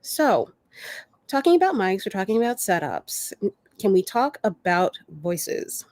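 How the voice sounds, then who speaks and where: A woman's voice: medium pitch, big pitch swings, measured pace, darkish tone, dry recording. A woman hosting a casual podcast chat, speaking hesitantly with many fillers and laughing easily. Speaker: podcast host.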